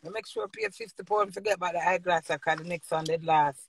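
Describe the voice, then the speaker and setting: A woman's voice: fairly low pitch, huge pitch swings, fairly quick, gravelly, a little hiss or hum. A middle-aged woman from Jamaica with a Jamaican accent, ranting boisterously to her viewers in patois and laughing often. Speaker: vlogger. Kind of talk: casual rambling rant to viewers.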